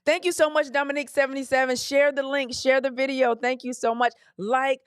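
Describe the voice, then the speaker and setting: A woman's voice: high voice, fairly even intonation, brisk, smooth, no room sound. Sassy woman host, dry close sound. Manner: sassy, direct, coaching with pet names. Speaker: podcast host. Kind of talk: live call-in advice podcast.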